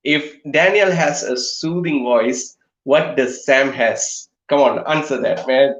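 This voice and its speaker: A man's voice: mid-range voice, slow pace. Teasing man, roomy lo-fi sound. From Malaysia. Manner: teasing, laughs often. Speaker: co-host. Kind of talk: casual livestream chat.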